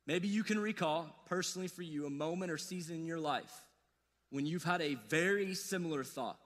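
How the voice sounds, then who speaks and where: A man preaching an earnest, repetitive sermon, speaking straight to his listeners in a high, bright, ringing voice. He is recorded with a long hall reverb, and soft music sits faintly underneath. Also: brisk. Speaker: pastor.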